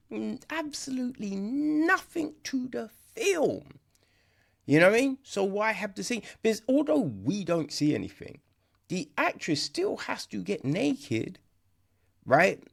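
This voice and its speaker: A podcast host reviewing a film in casual, sarcastic chat, often checking in with "right?" The voice is gravelly, and the pitch swings widely. Speech comes at an unhurried pace. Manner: conversational, keeps asking "right?", restarts often; sarcastic, mocks dialogue in exaggerated voices.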